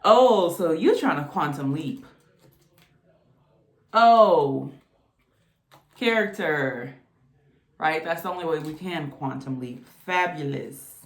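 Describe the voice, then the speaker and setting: A woman's voice: low voice, lively intonation, takes it slowly, pauses often. A woman casually reading tarot cards, chatty and exclamatory. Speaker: tarot reader. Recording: echoey room.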